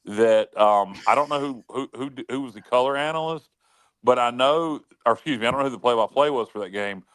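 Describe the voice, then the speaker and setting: A man's voice: mid-range voice, brisk, fairly bright tone, clear, resonant tone, no room sound. A man hosting a casual sports talk show, rambling with stammering restarts.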